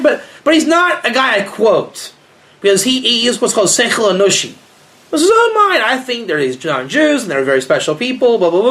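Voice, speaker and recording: A man, a rabbi, giving a rambling, joking informal lecture to a small group and asking them questions. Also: high voice. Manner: rambling, joking, animated, asks the audience questions.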